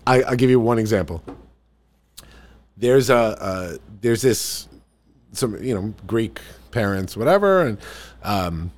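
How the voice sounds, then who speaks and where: A man from the New York area, telling family stories in casual podcast chat, animated and full of restarts. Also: lowish voice, unhurried, pauses often. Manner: animated storyteller, restarts sentences.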